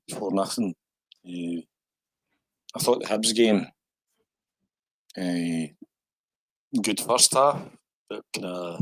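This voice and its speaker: Husky older Scottish man telling stories. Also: on the low side, no echo, poor audio. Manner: anecdotal, chuckling storyteller. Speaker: podcast guest. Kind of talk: casual podcast chat.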